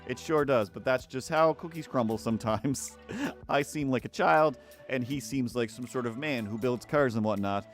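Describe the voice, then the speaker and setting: A man's voice: medium pitch, normal speed, soft background music. A man who is a cartoonist, chatting casually on a live stream while he draws. He rambles, uses many fillers, and laughs at his own jokes.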